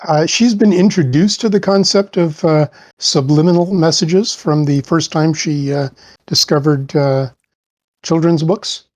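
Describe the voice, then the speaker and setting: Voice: medium pitch, unhurried, darkish tone, no room sound. A tabletop player thoughtfully explaining their character, with many hesitations and fillers.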